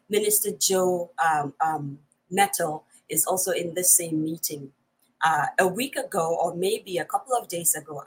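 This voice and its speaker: Woman host, live-stream chat, bubbly and quick to laugh, a touch husky. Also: on the low side, rough recording. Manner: energetic, greets viewers in many languages, laughs often. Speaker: host of a live online talk show.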